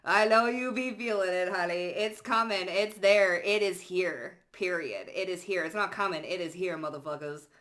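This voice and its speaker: A woman giving a psychic card reading to the viewer, animated and laughing often, calling listeners honey and swearing freely. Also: lowish voice, normal speed, hardly any pauses. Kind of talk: tarot reading to camera.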